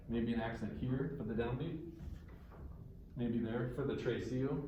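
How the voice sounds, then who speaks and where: A man's voice: fairly high pitch, normal speed, a little mellow, a little hiss or hum. A man teaching a group rhythm class, counting beats aloud and cheering the students on. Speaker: guitar teacher. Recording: roomy, distant mic, music in the room.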